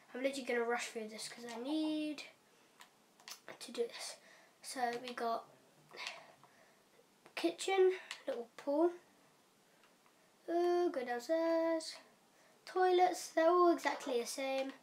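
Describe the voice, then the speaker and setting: Young woman gaming vlogger, high bright voice, chatty and rushed, slips into whispered asides. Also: a little hiss or hum. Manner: chatty and hurried, with fillers and quiet whispered asides. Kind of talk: casual game walkthrough. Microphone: camera mic.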